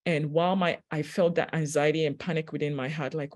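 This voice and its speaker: A woman giving a reflective spiritual talk, telling a personal story in a gentle, unhurried way with pauses and fillers. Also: low voice, fairly even intonation. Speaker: spiritual teacher; registered nurse.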